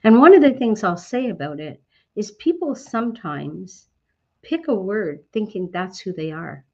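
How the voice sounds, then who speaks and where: A lively, outgoing Canadian woman motivates a business network, raising questions only to answer them herself. Her pitch is medium, her pace measured, and the highs are missing from the audio.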